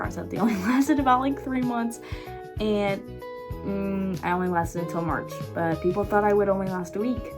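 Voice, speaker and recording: A woman book vlogger in casual chat, rambling and excitable with frequent laughs. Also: medium pitch.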